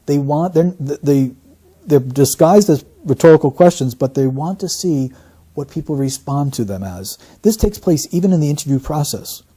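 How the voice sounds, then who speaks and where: Husky, mellow-voiced male analyst. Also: a little high, lively intonation. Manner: deliberate, teacherly. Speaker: statement analyst. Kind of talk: explanatory commentary.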